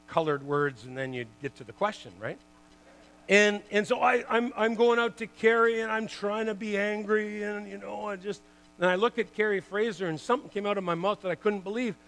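A middle-aged man giving a sermon testimony in a church, an animated storyteller who swings from loud bursts to hushed asides. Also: high voice, normal speed. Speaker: guest preacher, former hockey player.

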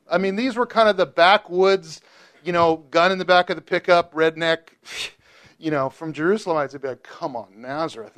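A man teaching a Bible study group in a casual, animated way, joking and asking questions. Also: high-pitched, clean tone.

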